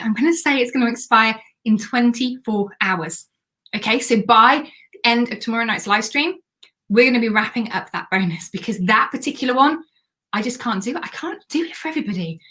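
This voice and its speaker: A woman hosting a live stream as a business coach, chatty and excitable while pitching a program. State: has the hiccups.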